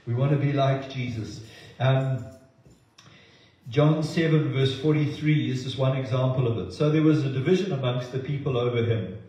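A man preaching a sermon in an earnest way, often repeating words as he goes and acting out quotes with lively voices. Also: medium pitch, moderate pace. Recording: very echoey, slightly dull sound.

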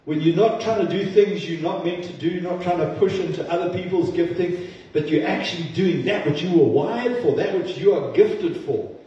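A man's voice: sits high, moderate pace, hardly any pauses, warm tone. A male pastor giving a sermon in an earnest, conversational way, with self-deprecating asides. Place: church sanctuary. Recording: distant, roomy, dull-toned church recording.

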